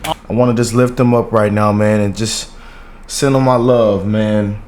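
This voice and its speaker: A man's voice: lowish voice, steady tone, unhurried, darkish tone. A man in his thirties hosting a reaction video, rambling and heartfelt, calling viewers y'all and man. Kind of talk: casual reaction commentary.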